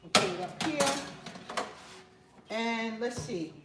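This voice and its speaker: A woman's voice: fairly high pitch, lively intonation, takes it slowly, very noisy. Chatty New York woman cooking. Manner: chatty, talks while cooking. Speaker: cooking channel host. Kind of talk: casual cooking vlog chat.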